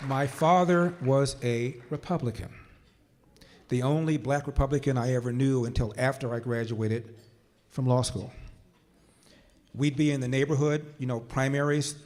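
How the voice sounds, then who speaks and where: An older man addressing a conference crowd from a stage, his voice sitting in a middle pitch. He tells his story in a measured way, easing into quiet, slow phrases for weight and then pushing up to firm, emphatic points. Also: steady tone. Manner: storyteller who slows down and drops quiet for emphasis, then rises to forceful points. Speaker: conference speaker. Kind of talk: political speech with personal storytelling.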